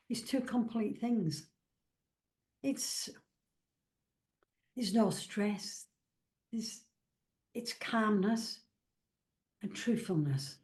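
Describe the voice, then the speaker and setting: A woman's voice: a little high, a little mellow. A woman from England, a psychic medium and author, chatting in a rambling way and acting out the dialogue she recalls. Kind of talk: casual storytelling interview.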